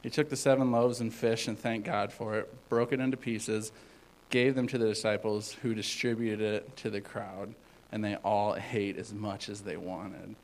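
A man giving an informal sermon as a youth pastor, rambling with many fillers and swinging between loud and hushed. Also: lowish voice, level tone, normal speed, few pauses, a little hiss or hum, poor audio.

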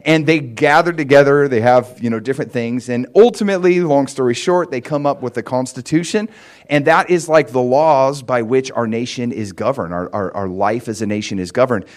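A man's voice: medium pitch, a little fast. An American man preaching a casual teaching sermon, talking loosely with lots of "like" and "you know" and checking that his listeners follow. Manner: conversational, many fillers like "like" and "you know"; checks in with listeners by asking if it makes sense. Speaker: pastor.

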